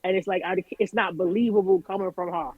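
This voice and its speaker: A Jamaican music artist, a woman, chats candidly as a guest in a casual remote interview, acting out what people said to her in lively voices. Her voice is husky and on the low side, and she talks fast. The audio has no echo but sounds narrow and tinny.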